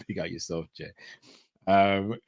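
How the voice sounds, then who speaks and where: A man's voice: sits low, slow pace, vocal fry, a little mellow, no echo. A man co-hosting a casual fan show, reading out viewers' chat comments with fillers. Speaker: co-host reading live chat.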